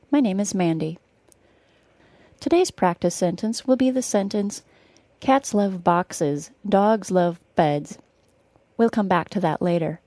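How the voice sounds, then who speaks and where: A young woman from northern Wisconsin with a General American accent, teaching a pronunciation podcast lesson and slowing down to model each sound carefully. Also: mid-range voice, mellow, dry recording.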